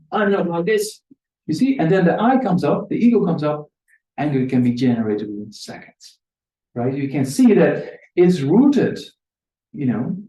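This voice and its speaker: A man giving a conversational Buddhist dharma talk to an audience, laughing often and acting out quotes in a higher voice. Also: warm tone. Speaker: Buddhist teacher. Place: meditation centre hall. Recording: echoey room, distant mic.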